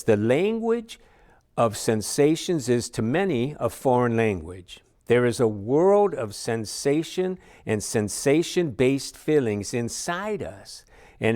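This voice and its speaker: A man's voice: mid-range voice, darkish tone. A middle-aged man teaching a recovery class in a conversational, folksy way, with frequent asides and fillers. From Chicago area. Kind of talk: recorded class lecture.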